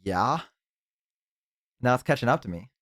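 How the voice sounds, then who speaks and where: A young man chats casually with a friend on a call while streaming, excitable, swearing often and erupting in sudden high-pitched outbursts. He has the hiccups and speaks a little slowly. The studio-quality audio has no room sound.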